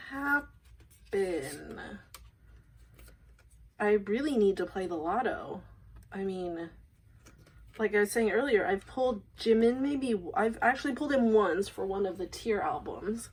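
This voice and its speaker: Gushing, slow-talking young woman vlogger. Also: mid-range voice, husky, rough recording. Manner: gushing, breathless, apologetic, rambling. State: emotional and shaky. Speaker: vlogger unboxing photocards. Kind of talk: casual excited unboxing talk.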